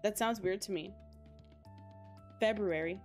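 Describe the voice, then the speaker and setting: A woman's voice: mid-range voice, a little slow, a little mellow, soft background music. A woman of twenty-five hosting a casual gaming livestream, chatty and giggly as she talks straight to her chat on a close mic. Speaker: livestream host.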